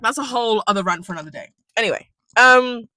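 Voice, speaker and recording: A woman's voice: a little high, lively intonation, fast, bright, forceful tone, no room sound. A young woman, rambling casually through a storytime in her car and swearing freely. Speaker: vlogger.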